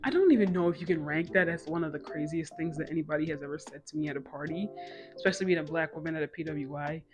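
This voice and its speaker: A woman's voice: deep voice, steady tone, over music. Young woman in her 20s spilling a story, jokey asides, casual and chatty. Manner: chatty, quick asides and self-mocking jokes. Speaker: storytime vlogger.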